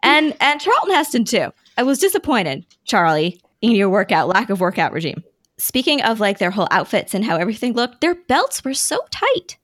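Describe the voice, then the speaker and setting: A woman co-hosting a casual group podcast chat, animated and enthusiastic. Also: on the high side, moderate pace, dry recording, clean studio sound. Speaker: podcast co-host.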